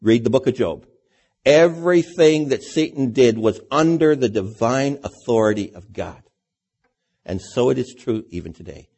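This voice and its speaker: Mellow, husky-voiced male preacher. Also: medium pitch, lively intonation, moderate pace. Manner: conversational preaching with rhetorical questions. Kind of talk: sermon.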